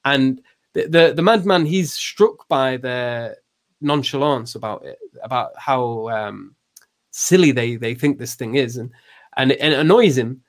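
A man's voice: mid-range voice, moderate pace. A man explaining ideas in casual conversation, full of restarts and fillers, raising his voice when he acts out quotes. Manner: hesitant, many restarts and fillers; acts out quoted lines with raised voice.

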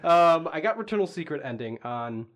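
A man's voice: fairly high pitch, big pitch swings, normal speed, a bit bright. A man hosting a casual gaming podcast, swearing freely and laughing often. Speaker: podcast host.

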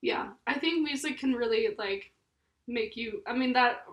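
A young woman with a fairly high voice chats as a podcast co-host. She speaks in a bashful, hesitant way, with many pauses and fillers. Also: a bit bright, lo-fi sound. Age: young adult. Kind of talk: casual chat.

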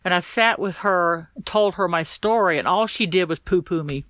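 A woman with a bright, tense, forceful voice tells a personal story as a podcast guest. She is blunt and swears freely, acting out what people said to her. The sound is dry and close, and the emotion sits near the surface. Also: fairly low pitch, moderate pace, no room sound. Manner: blunt and profane, acts out quoted exchanges.

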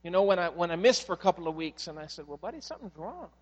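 A man preaching as pastor, telling stories and swinging from loud emphasis to hushed, quiet passages. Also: sits high, very animated, racing, long reverb tail. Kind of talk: sermon.

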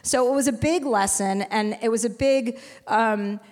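A woman's voice: fairly high pitch, unhurried, a little mellow. Woman host, 40s, frank and profane storyteller, live show, long hall reverb. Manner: frank and profane, rambling with restarts. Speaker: podcast host. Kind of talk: candid storytelling on a live podcast. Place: live stage in a venue.

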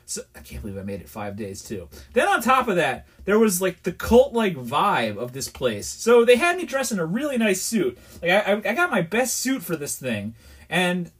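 A man's voice: sits high, wildly swooping pitch, moderate pace, a bit bright, breathy edge. A man from New York, hosting a podcast and telling a rambling, exasperated story in a candid, casual way. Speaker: podcast host.

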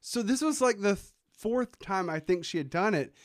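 A man's voice: sits high, normal speed, no echo, studio quality. A man co-hosting a podcast, telling funny family stories in casual chat and laughing often as he talks. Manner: laughs a lot while telling animated stories. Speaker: podcast co-host.

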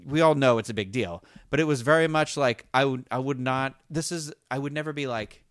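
Casting: male co-host, smooth resonant voice, dry close sound, chatty and halting. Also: medium pitch, dry recording. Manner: rambling, halting, many restarts and fillers. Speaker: podcast co-host. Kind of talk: casual fan chat.

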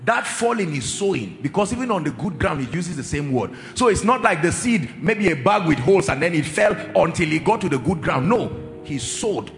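Male preacher, lively pitch, emphatic and drawn out, long hall reverb, faint music underneath. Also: creaky. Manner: emphatic, drawn-out repetitions, asks the congregation questions. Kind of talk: sermon.

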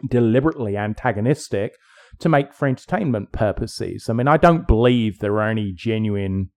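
Low-voiced man, rambling and opinionated. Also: expressive, fairly quick, darkish tone. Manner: opinionated, rambling, lots of fillers. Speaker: podcast co-host. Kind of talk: casual chat.

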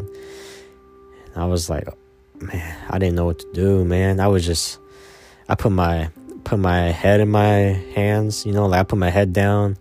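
A young man with a low voice tells a personal story in a rambling, casual way. He repeats himself, swears, and often trails off quietly.

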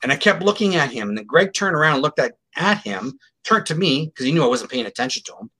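A man's voice: a little high, quick pace, husky. A middle-aged man speaking as an interview guest, telling a case story in a casual, emphatic way and acting out what others said. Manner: animated, emphatic, acts out quotes.

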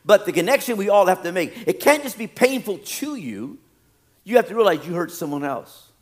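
Middle-aged pastor guy preaching, kinda high voice, gets loud then goes quiet, cracks jokes. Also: big pitch swings, a little fast. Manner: swings from loud emphatic peaks to low quiet asides, jokes with congregation. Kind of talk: sermon.

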